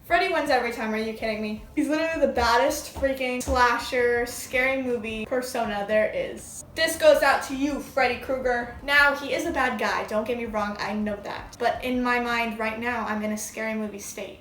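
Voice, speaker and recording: A woman's voice: on the high side, normal speed, hardly any pauses, fairly bright tone, slight background noise. A young woman chatting casually in a crafting vlog, gushing and enthusiastic as she talks. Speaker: vlogger. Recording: echoey room, mic at a distance.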